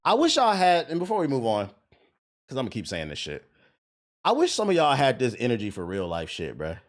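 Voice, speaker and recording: A man's voice: medium pitch, huge pitch swings, fairly quick. A man streaming live, ranting at his viewers in a heated, mocking and profane way.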